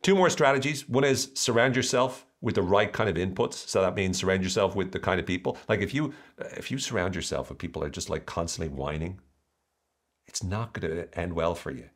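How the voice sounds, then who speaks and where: A man, hosting a solo podcast in a lively, jokey way with mocking asides. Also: sits low, brisk. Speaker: podcast host.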